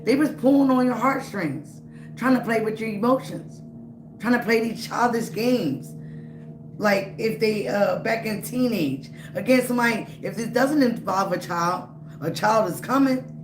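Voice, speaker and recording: A woman's voice: a little high, moderate pace, over music. A woman giving a live-streamed tarot reading. She talks emphatically and repeats herself, speaking straight to the viewer. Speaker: tarot reader. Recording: roomy, noisy background.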